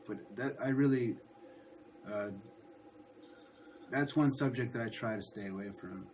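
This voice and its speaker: A man's voice: medium pitch, a little slow, a little mellow, slight background noise. Hesitant male streamer, easygoing chat with a guest. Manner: hesitant, repeats words and restarts. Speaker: livestream host. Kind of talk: casual chat.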